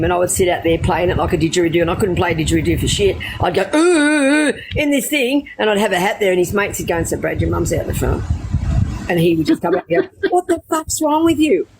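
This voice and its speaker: Brash Australian woman with a low voice. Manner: brash, swearing, animated anecdotes. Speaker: storyteller. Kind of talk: casual storytelling. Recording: noisy background.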